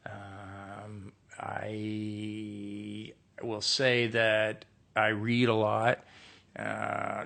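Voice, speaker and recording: A man's voice: on the low side, vocal fry, fairly bright tone. A middle-aged American man chatting alone on a phone live stream, reading out fan questions and riffing on them with dry, sarcastic jokes. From United States. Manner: reads questions aloud and riffs with dry, joking sarcasm. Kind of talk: casual solo live stream chat. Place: indoor room with a window.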